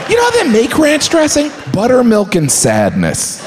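Stand-up guy, voice jumps all over the place, goofy absurd jokes, loud noise behind. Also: high-pitched, wildly swooping pitch, normal speed, few pauses, over a noisy crowd. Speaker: stand-up comedian. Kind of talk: stand-up comedy.

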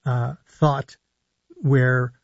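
A man, a physician hosting a live call-in radio show, explaining in a measured way with slow emphasis on key words. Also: mid-range voice, little pitch movement, no echo, muffled recording. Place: radio studio.

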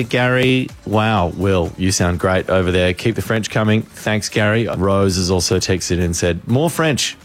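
A man co-hosting breakfast radio from abroad, joking and teasing in a playful, self-mocking way. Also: low-pitched. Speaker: radio co-host. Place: remote broadcast from abroad.

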